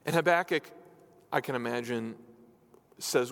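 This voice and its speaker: A man preaching in a church sanctuary, earnest and pleading, his voice rising when he asks questions. His pitch sits in an ordinary middle range. The voice rings with a long reverb that fills the hall. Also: normal speed, vocal fry, pauses often. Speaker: pastor. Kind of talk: sermon.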